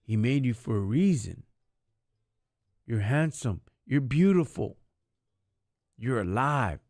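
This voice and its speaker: Slow, gravelly man preaching in street slang. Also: mid-range voice, expressive, a little mellow, no room sound, studio quality. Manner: preachy, street slang, calls listeners homie and dog; mixes in Spanish words. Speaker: live streamer. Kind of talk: impassioned faith talk on a live stream.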